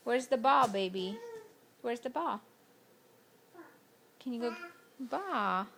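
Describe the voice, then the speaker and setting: A woman's voice: fairly high pitch, lively intonation, takes it slowly, creaky, a bit bright, a little hiss or hum. A mother at home talking to her toddler in a coaxing, sing-song voice. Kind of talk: casual talk to a toddler. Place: at home indoors.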